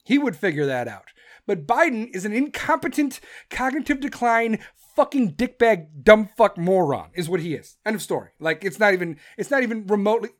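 A woman's voice: mid-range voice, sing-song, a little fast. A woman in her thirties giving an angry, sarcastic political rant full of swearing and mocking put-on voices. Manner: mocks others in put-on voices. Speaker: political commentator.

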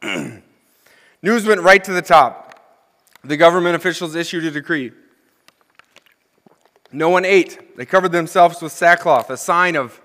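A man's voice: on the high side, expressive, a little slow, pauses often, fairly bright tone. A young adult man, an associate minister, reading scripture and commenting with humor as he preaches, asking the congregation questions. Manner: conversational, asks the congregation questions. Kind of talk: sermon. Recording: long hall reverb.

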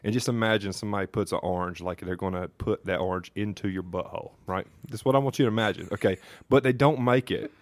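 Podcast regular: low-voiced man, dry close mic, angry and profane in his story. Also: fast talker, few pauses, dry recording. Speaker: podcast co-host. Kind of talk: casual podcast chat, storytelling.

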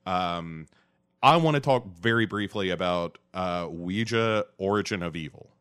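A man's voice: deep voice, unhurried, a bit bright, clean tone. A man hosting a podcast in casual chat, rambling and joking, often sidetracking himself. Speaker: podcast host.

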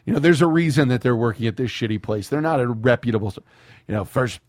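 A man's voice: medium pitch, fast talker, a little mellow, dry recording, studio quality. A man hosting a podcast, telling rambling, profane stories in casual chat. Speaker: podcast host.

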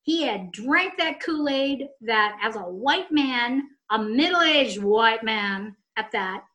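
A woman telling a story in casual chat, snarky and animated, swearing freely. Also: on the high side, slow pace, highs cut off.

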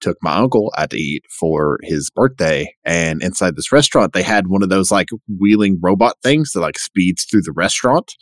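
A man co-hosting a podcast, chatting casually and enthusiastically with quick asides. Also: deep voice, animated, no room sound, clean studio sound. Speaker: podcast co-host. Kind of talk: casual chat.

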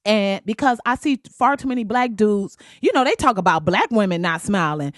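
A woman's voice: medium pitch, animated, moderate pace, no echo, clean studio sound. A young adult woman talking bluntly and candidly in a casual vlog, profane and laughing often. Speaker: vlogger.

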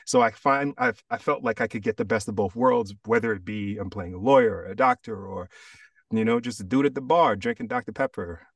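A man from Jamaica, an actor guest chatting casually on a podcast, telling stories in a relaxed way with animated asides. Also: fairly low pitch, fairly quick, dry recording, distant mic.

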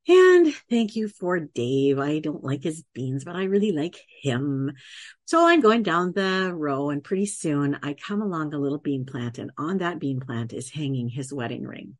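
A low-pitched middle-aged woman speaks as a podcast guest. She tells an earnest, faith-filled story from her own life with animated energy and frequent laughter. Her voice is recorded dry, with no room sound. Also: moderate pace, no echo. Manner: animated, laughs often, acts out quoted voices; faith-based, earnest testimony. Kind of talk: conversational storytelling.

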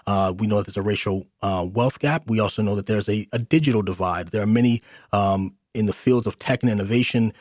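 Man, radio host, low pitch, earnest, lots of ums, dry studio sound. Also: a little fast, darkish tone, no room sound. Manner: earnest, filler-heavy with many restarts. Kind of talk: community radio interview.

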